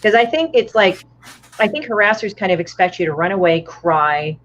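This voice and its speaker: With an animated, mid-range voice that's a bit bright, a woman guest comic artist talks at a moderate pace over a little hiss or hum. Her casual podcast chat is blunt and profane, and she acts out other people's lines. The lo-fi sound is dull and muffled.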